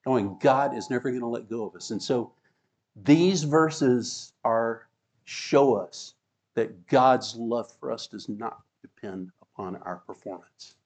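A man's voice: medium pitch, takes it slowly, darkish tone. Male preacher delivering an emphatic teaching sermon, reading verses aloud. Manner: teaching, reads scripture aloud, emphatic, chuckles. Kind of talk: sermon with slides.

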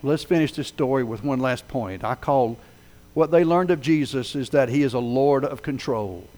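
A man preaching a sermon, telling a story with dramatic swells that rise loud and then sink low. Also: moderate pace. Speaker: pastor.

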